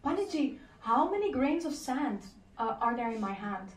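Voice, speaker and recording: Woman voicing a fearless five-year-old boy sage, eager and high, echoey room from afar. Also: sing-song, normal speed. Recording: roomy, distant lecture mic.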